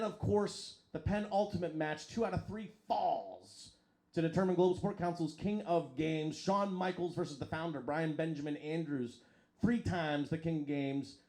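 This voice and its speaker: A man hosting a live stream and commentating wrestling in an excitable, profane way that hollers at the action. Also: a little high. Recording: crowd noise and music behind.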